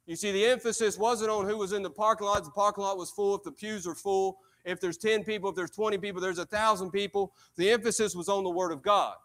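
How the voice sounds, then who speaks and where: A man's voice: high-pitched, steady tone, fast talker, hardly any pauses, a bit bright. A man preaching a sermon in church, repeating phrases with building emphasis. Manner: preaching with emphatic repetition and rising intensity.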